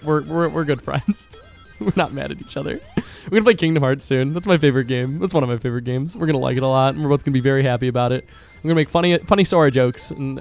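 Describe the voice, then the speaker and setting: Excitable high-voiced young man rambling. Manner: excitable, rambling, joking, swears often. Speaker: let's play co-host. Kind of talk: casual gaming chat.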